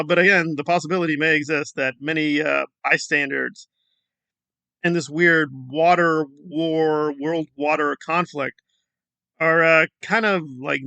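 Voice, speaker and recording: High bright mocking male commentator. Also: no echo. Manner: mocking, scoffing, rambling asides. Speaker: commentary channel host. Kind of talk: sarcastic online commentary.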